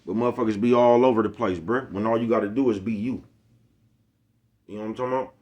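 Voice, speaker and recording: A man's voice: lowish voice, fairly even intonation, fast talker, muffled recording. A man in his forties, a YouTube host, giving a casual motivational monologue full of streetwise slang and repeated catchphrases. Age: 40s.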